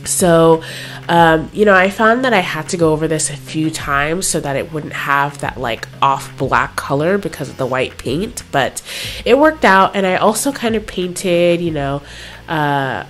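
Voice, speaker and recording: A woman's voice: low-pitched, lively intonation, measured pace, a bit bright. A young woman with a stuffy, nasal voice from being sick, chatting casually through a makeup tutorial with lots of fillers. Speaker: makeup vlogger.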